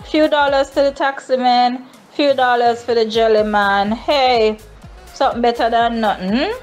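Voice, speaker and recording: A Jamaican woman hosting a daily travel news segment, lamenting and sarcastic, with high mock-cheerful whoops. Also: a little slow, soft background music. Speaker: travel company news host.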